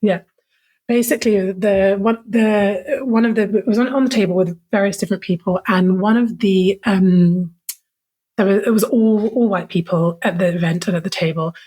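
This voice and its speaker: A woman with a husky, slightly breathy voice at a middle pitch talks as a podcast guest. She tells a personal story in a loose, conversational way, full of "like" and frank, heartfelt phrasing. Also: steady tone, normal speed, warm tone. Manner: casual, fillers of "like", frank and emotional.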